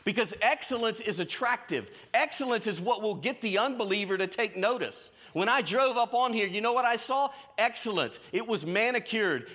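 A man preaching a sermon in a lively storytelling way, with folksy Southern phrasing. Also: high-pitched. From American South. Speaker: pastor. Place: church stage.

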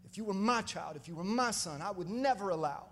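A blunt, insistent barber who scolds without holding back, as a preacher quotes him in a sermon. The voice sits high and rings out in an echoey church hall. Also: male voice, animated, a little fast, fairly bright tone. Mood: stern. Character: blunt outspoken male barber.

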